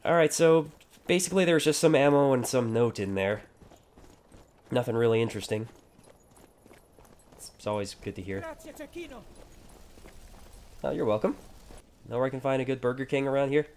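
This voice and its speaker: A man's voice: medium pitch, normal speed, pauses often, darkish tone. A man giving casual, sarcastic gameplay commentary with jokey asides. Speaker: gaming YouTuber.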